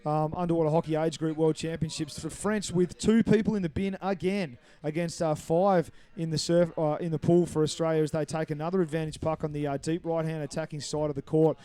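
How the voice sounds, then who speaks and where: Male play-by-play commentator, warm and smooth, slightly high voice, brisk explanatory calls. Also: fairly even intonation. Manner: brisk, explanatory, apologetic over names. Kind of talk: live sports commentary.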